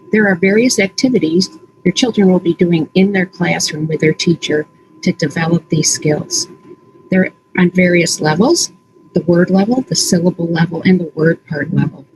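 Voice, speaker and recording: A woman literacy coach leading an early-reading lesson, saying words slowly and stretching out their sounds. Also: on the low side, noisy background. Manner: slow, deliberate, exaggerated word sounds. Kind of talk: slow instructional teaching, modeling sounds.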